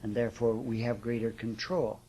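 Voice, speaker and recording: An older man giving a sermon as a spiritual teacher, speaking in an unhurried, reflective way with repetitions and restarts. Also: mid-range voice, steady tone, mellow, breathy edge.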